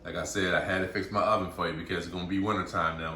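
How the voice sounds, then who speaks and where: Excited man in an echoey kitchen. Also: low-pitched, racing, few pauses. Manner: excitable, enthusiastic and chatty. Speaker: cooking channel host. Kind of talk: home cooking vlog. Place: home kitchen. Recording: echoey room with faint noise.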